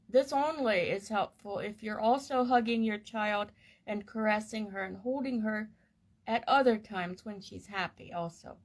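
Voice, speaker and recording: A woman reading a parenting course book aloud in a gentle, measured and soothing way. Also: fairly high pitch. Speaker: reader of a parenting course text.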